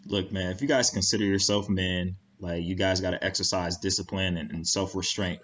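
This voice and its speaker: A man's voice: low-pitched, fairly even intonation, fairly quick, a bit bright. A man on a comedy panel arguing in an incredulous, lecturing way. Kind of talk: casual comedic debate.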